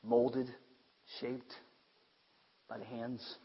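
A man preaching a sermon with emphasis, repeating phrases and swinging between loud declarations and hushed asides. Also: mid-range voice, little pitch movement, extremely slow, breathy edge, dull audio.

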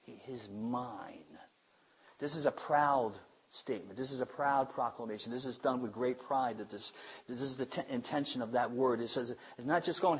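A man preaching a sermon with emphasis, repeating phrases and swinging between loud declarations and hushed asides. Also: mid-range voice, a little fast, gravelly, breathy edge, dull audio.

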